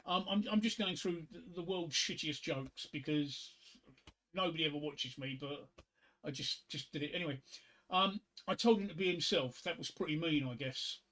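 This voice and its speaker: A man's voice: fairly high pitch, moderate pace, fairly bright tone. A middle-aged man chatting casually on his live stream, rambling between topics and reading corny one-liner jokes aloud at a home desk microphone.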